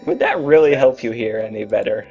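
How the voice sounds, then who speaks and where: A man co-hosting a let's play, playing the game and dropping dry, deadpan quips. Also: medium pitch, brisk, creaky, lo-fi sound, music in the background. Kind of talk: casual gameplay commentary.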